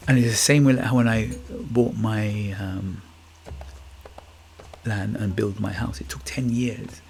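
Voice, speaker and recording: A man's voice: fairly low pitch, steady tone, slow pace, creaky, darkish tone, a little hiss or hum. A middle-aged man from Guyana with a Guyanese Caribbean accent, hosting a reflective motivational podcast monologue, musing, repeating words and checking in with "you get me?". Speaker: podcast host. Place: England.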